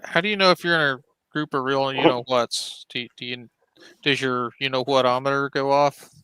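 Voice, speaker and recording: A man's voice: medium pitch, steady tone, normal speed, bright, forceful tone, smooth, no room sound, poor audio. A man making dry, sarcastic remarks in a casual chat. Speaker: commentator on the show.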